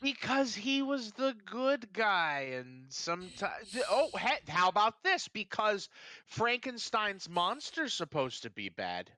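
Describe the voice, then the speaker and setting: A man's voice: high voice, huge pitch swings, takes it slowly, bright, forceful tone. A man co-hosting a casual movie review podcast, joking, teasing and laughing often. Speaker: podcast co-host.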